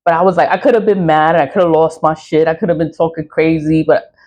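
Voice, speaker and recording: A woman's voice: low voice, level tone, quick pace, a little mellow. A woman talking in a casual rambling monologue, swearing freely, repeating herself and laughing often. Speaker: spiritual product vlogger.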